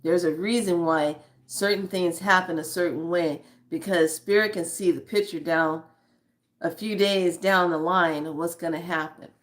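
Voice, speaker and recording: A woman's voice: on the low side, steady tone, normal speed. A woman in her fifties, chatting candidly to her viewers and telling a story with frequent laughter. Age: 50s. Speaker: spiritual vlogger. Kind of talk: casual chat to viewers.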